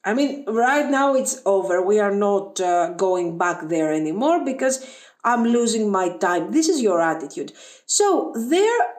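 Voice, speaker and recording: A woman's voice: mid-range voice, very animated, unhurried, darkish tone, roomy sound. A woman giving a pick-a-card tarot reading to her viewers. She talks emphatically and with some exasperation, addressing them directly. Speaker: tarot reader.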